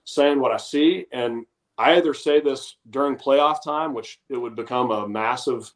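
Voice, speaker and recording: Calm, explaining former punter. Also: male voice, mid-range voice, a little slow. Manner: explanatory, self-deprecating. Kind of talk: casual sports chat.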